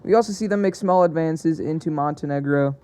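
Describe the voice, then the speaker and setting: Mellow young man, casual hesitant narration. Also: a little high, brisk, clean tone. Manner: hesitant, self-correcting, chatty. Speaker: narrator of an alternate-history map video.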